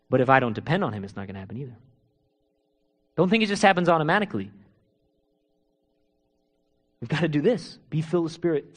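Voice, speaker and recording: A male pastor preaching a sermon, asking rhetorical questions and swinging between hushed, intimate moments and loud, urgent ones. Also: sits high.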